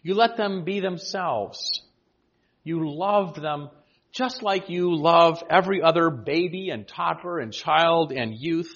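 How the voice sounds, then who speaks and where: An older male pastor in his sixties speaks to his congregation with a slightly raised pitch, measured and earnest, with dry touches of gentle humor. The sound is muffled and lo-fi, like an old church recording. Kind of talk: reading a prepared farewell address to a congregation.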